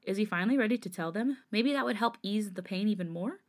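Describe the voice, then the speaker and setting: A woman's voice: mid-range voice, quick pace. Woman reading a fanfic aloud. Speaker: podcast host.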